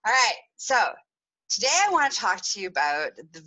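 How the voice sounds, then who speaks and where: Bright, lively woman podcast host. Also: mid-range voice, brisk, rough recording. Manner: animated, giggly, re-enacting dramatic moments. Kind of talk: confessional storytelling.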